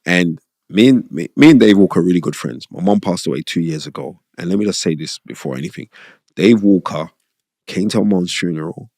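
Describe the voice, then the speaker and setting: A middle-aged man with a low, gravelly voice talks through his boxing days in a relaxed interview. He rambles warmly and keeps throwing in "you know what I mean?" The sound is close and dry, with no room around it. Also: fairly quick, no echo. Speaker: former boxer, podcast guest. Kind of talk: casual interview storytelling.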